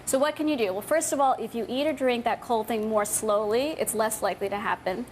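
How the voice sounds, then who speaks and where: Calm explaining woman doctor. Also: fairly high pitch, fairly quick, a little hiss or hum. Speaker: doctor guest. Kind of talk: explaining medical facts on a talk show. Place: TV studio.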